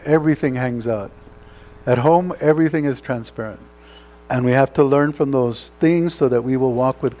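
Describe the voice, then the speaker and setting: Here a pastor with a warm, medium-pitched voice preaches a sermon. He exhorts earnestly in a conversational way, regularly checking in through rhetorical questions.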